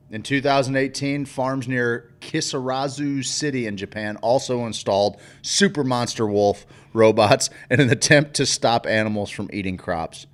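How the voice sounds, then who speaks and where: A man co-hosting a morning talk show, reading news and trading dry remarks. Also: medium pitch. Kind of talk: casual chat.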